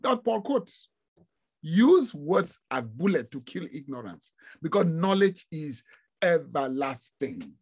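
A man from Africa giving an informal online lecture, animated and exclamatory, often breaking into laughter. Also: on the high side, slow, slightly rough. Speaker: guest lecturer.

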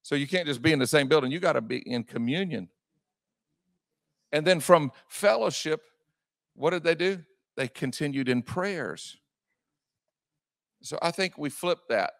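A male pastor delivers a fiery sermon in a high-pitched, gravelly voice. He hammers phrases again and again and swings between shouting and quieter asides. The sound is close and dry. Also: lively intonation, unhurried, pauses often, no echo. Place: church sanctuary.

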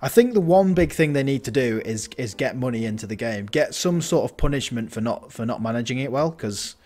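A gaming channel host talks brisk and animated in a mid-range voice with a darkish tone. Playing a building game, he offers casual let's-play commentary, thinking aloud and restarting sentences along the way.

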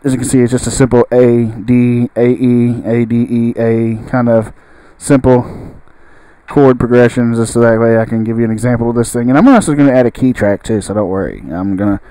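Male tutorial host, relaxed and dry-sounding, casually walking through a session at home, often trails off mid-sentence. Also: medium pitch, a little fast, no room sound, low-quality recording. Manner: thinks aloud, trailing off and restarting sentences. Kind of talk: casual spoken tutorial walkthrough.

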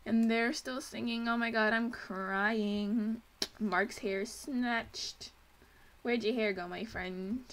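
Excitable young woman narrating gameplay. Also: on the high side, takes it slowly, a little hiss or hum. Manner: excitable, gushing, chatty. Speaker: let's play host. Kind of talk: casual game commentary.

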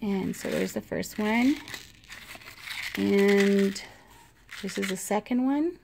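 A woman vlogger casually showing her handmade craft pieces, talking unhurriedly with frequent ums and pauses and gushing over the small details. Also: mid-range voice, gravelly, slight background noise. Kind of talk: casual show-and-tell.

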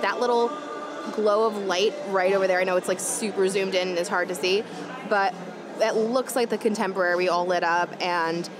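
A young woman vlogging with gushing, chatty enthusiasm as she tastes food and drinks at a hotel rooftop bar. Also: medium pitch. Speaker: travel vlogger. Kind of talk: casual food and travel vlog. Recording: noisy crowded bar. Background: loud crowd and chatter.

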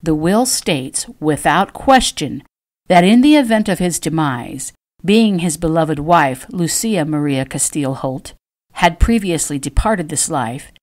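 Woman reading as a calm precise little lawyer, formal, low voice, audiobook. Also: measured pace. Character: small, calm, formal spectacled solicitor.

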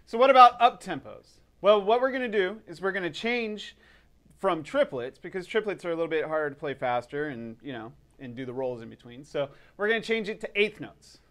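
A man teaching drums in a casual video lesson, relaxed and upbeat, counting in before he plays. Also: high-pitched, a little fast. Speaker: drum teacher.

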